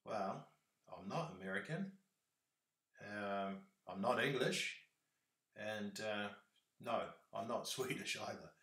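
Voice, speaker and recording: Man, New Zealand accent, casual livestream chat, bright low voice, echoey room. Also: takes it slowly, long pauses. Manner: rambling, chatty, full of fillers.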